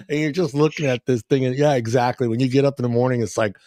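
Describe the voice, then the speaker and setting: A man's voice: mid-range voice, steady tone, quick pace, a little mellow, no echo, studio quality. A man hosting a podcast in casual chat, joking and laughing loosely with plenty of swearing. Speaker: podcast host.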